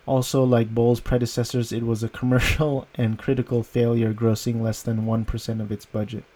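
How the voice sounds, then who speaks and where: A man's voice: medium pitch, flat delivery, moderate pace, warm tone. A man giving a casual, rambling movie review, amused and often breaking into laughter. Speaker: film reviewer.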